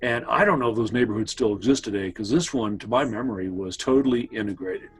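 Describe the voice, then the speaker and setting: A man casually tells his brother old family stories, meandering and making asides to him. His voice is fairly low, fast and breathy-edged, and the recording quality is low.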